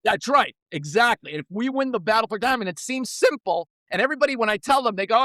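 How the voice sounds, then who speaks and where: A man in a podcast interview, telling stories in an energetic, blunt way and swearing freely. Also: extremely high pitch, fast, few pauses, dry recording. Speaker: podcast guest, former co-CEO. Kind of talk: casual storytelling.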